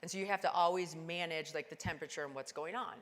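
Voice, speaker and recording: A woman giving a motivational keynote talk, telling a climbing story and acting out the dialogue with sudden bursts of high excitement. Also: fast talker, in a large hall. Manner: animated, acts out dialogue with sudden high-pitched exclamations. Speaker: keynote speaker. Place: conference stage in a large hall.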